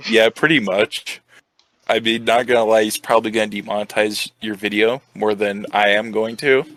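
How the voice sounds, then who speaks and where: A man's voice: on the low side, steady tone, moderate pace, a bit bright, no echo, low-quality recording. A young man, a guest on a podcast, chatting casually with a playful, teasing manner and plenty of "um"s. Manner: playful, teasing, hesitant with fillers. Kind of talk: casual chat.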